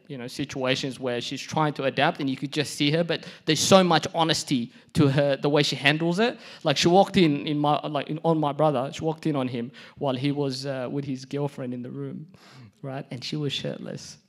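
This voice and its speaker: A young man, performing lively stand-up storytelling on a theatre stage. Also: a little high. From Perth, Australia. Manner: animated, chatty storytelling. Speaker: stand-up comedian. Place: theatre stage before a live audience.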